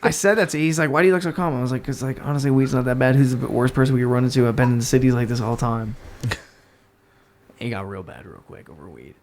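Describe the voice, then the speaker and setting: A man's voice: medium pitch, fast talker. A young man from the New York area, a podcast guest telling a story in casual talk, swearing and acting out the people in it. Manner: animated, swearing, acts out voices in his stories.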